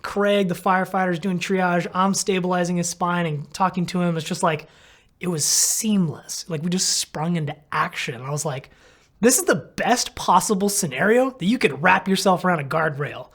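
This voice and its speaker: A man's voice: high-pitched, moderate pace, fairly bright tone. A man, a physical therapist, casually retelling a story and filling it with "like" while acting out his own thoughts. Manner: rambling, heavy on "like", acts out his own thoughts.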